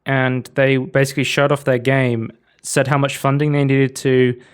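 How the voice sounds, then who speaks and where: Chatting loosely about game demos, this podcast co-host rambles and leans heavily on fillers and "like." His mid-range voice shows little pitch movement, moves at normal speed, and has a clean tone.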